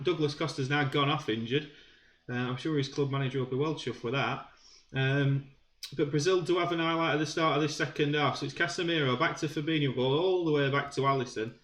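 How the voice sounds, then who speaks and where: A gaming YouTuber from Yorkshire, his voice a little high for a man, narrates his football management game like a relaxed match commentator. He rambles with ums and sudden bursts of excitement, in roomy sound with faint music underneath.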